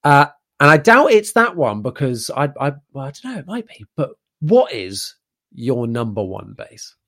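A man's voice: mid-range voice, big pitch swings, normal speed, a bit bright. A man hosting a casual podcast interview, enthusiastic and chatty, laughing often and rambling into his questions. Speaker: podcast host.

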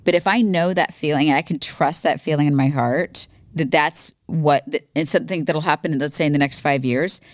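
A woman's voice: low voice, fairly quick, hardly any pauses, no echo, studio quality. A woman co-hosting a podcast, talking candidly and earnestly with her husband. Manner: earnest, heartfelt, expressive. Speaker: podcast co-host.

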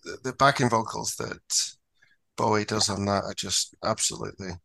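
A man hosting a casual chat show, affable and quick with agreeing murmurs. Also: fairly low pitch, fairly even intonation, creaky, bright, forceful tone, husky, no echo. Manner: affable, lots of "mm-hmm" backchannel. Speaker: host.

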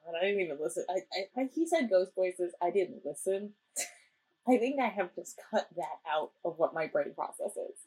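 A woman's voice: lowish voice, sing-song, moderate pace, dark tone, rough recording. A young woman co-hosting a casual chat about a ghost-hunting show, playful and giggly. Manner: playful, giggly, acts out quotes. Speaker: podcast co-host.

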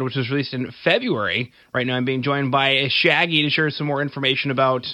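Man, podcast host, bright forceful voice, dry close sound, upbeat and jokey. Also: mid-range voice, brisk, hardly any pauses, no echo. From Canada. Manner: upbeat, jokey, laughs often. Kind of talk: casual interview chat.

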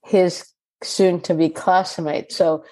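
A woman interviewer with a low, mellow voice asks thoughtful, searching questions. Her tone stays warm and dark in timbre throughout. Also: little pitch movement, slow, rough recording. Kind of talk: interview conversation.

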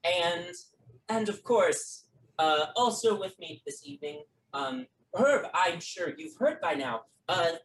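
A game master voicing a smooth, glad-handing male politician who flatters everyone and fills his talk with ums and uhs. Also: mid-range voice, takes it slowly, voice pushed up. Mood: schmoozing. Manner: effusive, flattering, full of fillers. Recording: roomy, from a distant mic.

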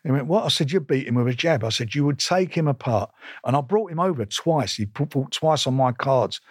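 A man's voice: medium pitch, expressive, brisk, husky, no room sound. Older man, blunt, emphatic, repeats himself, dry recording. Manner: emphatic, repetitive, combative, stumbles and restarts. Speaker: boxing promoter, guest. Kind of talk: blunt interview storytelling.

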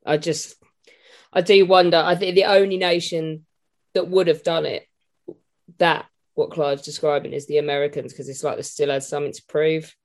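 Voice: mid-range voice, flat delivery, moderate pace. A podcast host running a casual debate, blunt, teasing and sweary.

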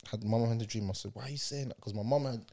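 A man chatting casually and spinning stories full of street slang. His voice sits at an ordinary middle pitch, and he acts out each moment as he goes. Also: very fast, vocal fry, dark tone. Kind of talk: casual chat, storytelling.

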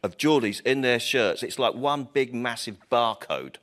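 Man on a comedy footy podcast, bouncy lively voice, teasing and laughing a lot. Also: medium pitch, moderate pace, heavy background noise. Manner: playful, teasing, laughs often. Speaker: comedian guest.

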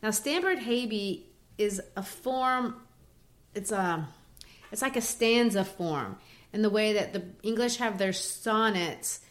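A woman's voice: medium pitch, takes it slowly. A woman co-hosting a casual educational chat, explaining poetry in a teacherly way with frequent restarts.

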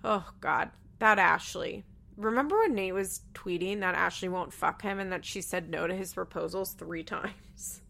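A woman's voice: lowish voice, normal speed, vocal fry, fairly bright tone. A woman giving casual, sarcastic commentary as she recaps a reality TV show, laughing often.

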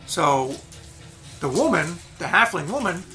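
A man's voice: fairly high pitch, very animated, a little slow, pushed and bright, faint music behind. A man narrating as game master in a loose, rambling way.

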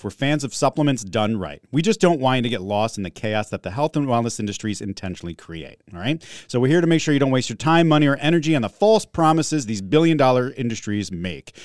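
A man's voice: medium pitch, darkish tone, dry recording, studio quality. A man co-hosting a casual health podcast, upbeat and laughing easily, reading the show's affirmation. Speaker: podcast co-host, holistic health practitioner.

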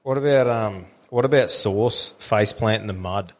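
A man's voice: on the low side, moderate pace. A man with an Australian accent co-hosting a podcast, telling rambling, swear-filled stories with a lot of laughter. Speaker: podcast co-host. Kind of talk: casual chat.

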